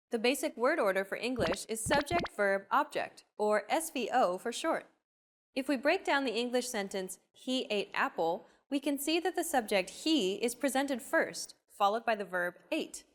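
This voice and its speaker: A woman hosting a language lesson, reading a scripted narration in a clear, upbeat teacher's manner. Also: on the high side.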